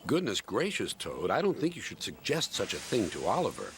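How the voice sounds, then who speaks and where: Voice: deep voice, wildly swooping pitch, brisk, heavily acted. A man voicing a proper, slightly fussy engine in a storybook show, heard in a noisy played clip. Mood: fussy, hurried.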